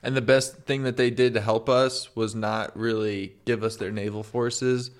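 A man's voice: fairly low pitch, level tone, normal speed. Laid-back man in casual banter. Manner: laid-back, blunt, repeats himself. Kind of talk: casual chat.

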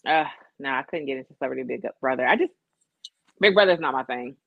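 A woman co-hosting a casual podcast chat, animated, cursing and laughing often. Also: extremely low pitch, fast, creaky, no echo, phone-quality sound. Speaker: podcast co-host.

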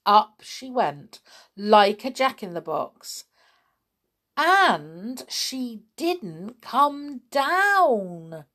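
Slow, lively woman reading a children's story. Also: a little high. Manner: expressive, dramatic read-aloud.

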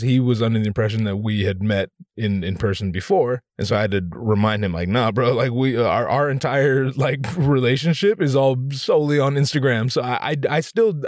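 A worn-out man opens his podcast in loose, profane chat, stumbling over restarts as he rambles. His pitch sits right in the middle of the male range. The studio sound is dead dry and close to the mic. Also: darkish tone, no echo. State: very tired. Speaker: podcast host. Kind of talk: casual podcast intro. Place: recording studio. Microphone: studio microphone.

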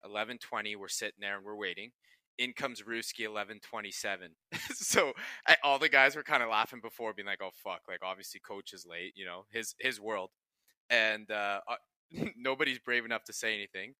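A man's voice: fairly low pitch, brisk, pushed and bright, clean tone, dry recording. A young man co-hosting a casual sports podcast, telling stories and laughing often as he goes. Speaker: podcast co-host.

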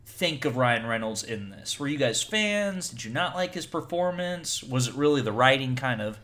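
A man hosts a casual film discussion podcast with a very animated, swooping delivery. He often doubles up words as he gets going. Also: mid-range voice, normal speed. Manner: animated, repeats words when starting. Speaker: podcast host. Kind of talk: casual movie review chat.

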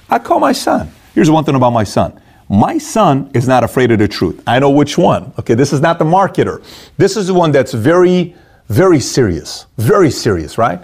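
A middle-aged man giving a motivational talk on handling conflict, animated and acting out the voices of people he quotes. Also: fairly high pitch, normal speed. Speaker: motivational speaker.

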